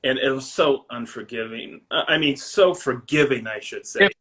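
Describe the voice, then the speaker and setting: A man's voice: medium pitch, expressive, moderate pace, fairly bright tone. A man with a Maine accent, a guest chatting casually on a podcast, laughing often and correcting himself as he goes. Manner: chatty, laughs easily, self-interrupting.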